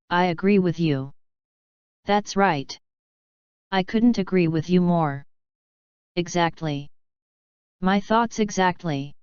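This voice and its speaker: A woman reading short English example phrases aloud one by one in a slow, careful lesson delivery. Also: lowish voice, darkish tone, clean tone, no echo, dull audio. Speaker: English teacher.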